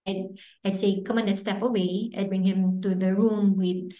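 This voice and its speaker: A woman's voice: mid-range voice, level tone, moderate pace, dark tone. A woman, a children's book author telling stories in a casual interview, chatty and full of fillers. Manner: chatty, anecdotal, with frequent fillers and laughs. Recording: echoey room.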